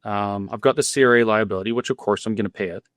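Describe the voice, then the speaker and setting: A man's voice: lowish voice, quick pace, fairly bright tone, no echo. Earnest middle-aged man, dry sound. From Alberta, Canada. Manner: candid, earnest, with frequent restarts. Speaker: guest, cafe owner. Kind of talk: interview storytelling.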